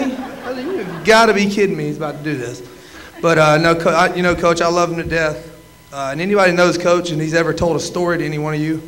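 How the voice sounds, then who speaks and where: A man's voice: fairly high pitch, fairly bright tone, a little hiss or hum, low-quality recording. A man in his twenties giving a comedy roast speech, teasing with lots of "uh"s and stops. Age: 20s. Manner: joking, teasing, many filler "uh"s. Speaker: roaster, former quarterback.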